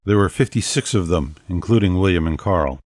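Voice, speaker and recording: A man reads a dark fantasy audiobook in a measured, steady way. His voice sits fairly low, and the recording is close and very dry with no room sound. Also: no echo. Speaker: audiobook narrator. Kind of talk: scripted narration.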